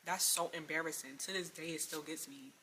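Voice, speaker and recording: A young woman telling an exasperated story about a bad date in a storytime vlog, lively and full of slang. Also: sits low, fairly quick, noisy background. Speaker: vlogger.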